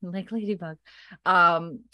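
A woman co-hosting a casual podcast, retelling events with lively shifts into character voices. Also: lowish voice, no room sound. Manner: animated retelling, acts out characters in quick voices. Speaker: podcast co-host recapping a TV episode. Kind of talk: casual chat.

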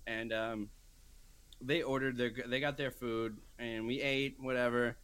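Animated man telling a story in casual chat. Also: mid-range voice, a little slow, smooth. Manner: animated storyteller, acts out quoted voices. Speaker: podcast co-host.

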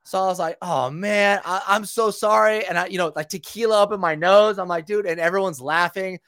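A man telling stories as a guest in a casual chat, animated and full of swearing. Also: high voice, fairly quick, clean tone, no echo, clean studio sound. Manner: animated, profane storytelling.

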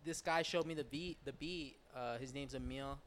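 A man's voice: mid-range voice, moderate pace, slight background noise. A young man, a musician guest on a podcast, talking in a laid-back, hesitant way as he tells the story behind his song. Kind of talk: casual interview chat.

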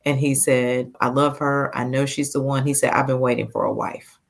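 A woman in her fifties, a podcast guest telling a personal story in a heartfelt, animated way, laughing now and then. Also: a bass voice, moderate pace, vocal fry. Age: 50s.

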